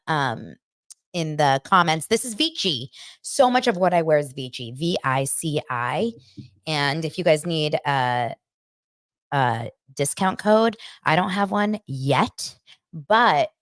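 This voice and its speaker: Low-voiced, animated woman podcast host doing chatty pop culture commentary, recorded dry and close. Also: dry recording. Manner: chatty, animated, mocks others in shrill voices.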